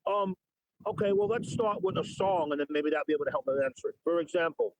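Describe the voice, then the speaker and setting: A man's voice: a little high, fast talker, no room sound, low-quality recording. A man being interviewed about his songs, rambling and repeating words in a stop-start way. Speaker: interview guest, musician. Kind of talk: casual interview chat.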